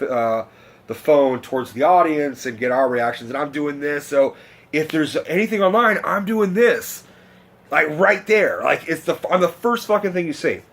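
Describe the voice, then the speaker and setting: A young man, telling a story in a casual, rambling, profane rant to camera. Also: a little high. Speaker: vlogger.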